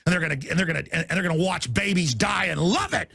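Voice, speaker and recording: A man hosting a talk show, ranting and shouting, mocking his targets and dropping into a low growl. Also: fast talker, vocal fry, breathy edge.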